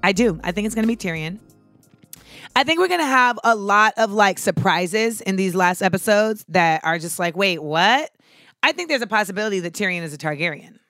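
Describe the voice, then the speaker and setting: A young woman hosting a podcast, chatting casually and comically, swearing freely and breaking into shouts as she acts out scenes. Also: mid-range voice, animated, fairly quick, no echo, clean studio sound, soft background music. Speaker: podcast host. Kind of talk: casual comedic monologue.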